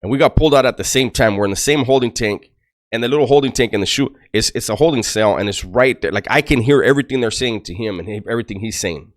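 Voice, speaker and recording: Talking fast in a mid-range voice, a middle-aged man who once served time tells the camera rambling prison stories and hands out blunt life advice, cursing freely as he goes.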